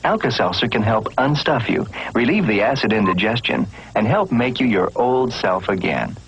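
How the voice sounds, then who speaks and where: A man's voice: mid-range voice, expressive, normal speed. A man reading a vintage TV commercial voice-over. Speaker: commercial announcer. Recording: dull, noisy old TV ad.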